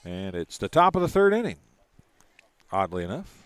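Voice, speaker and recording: A man doing casual live play-by-play commentary, chatty and quick to laugh between calls. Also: on the low side, sing-song, smooth.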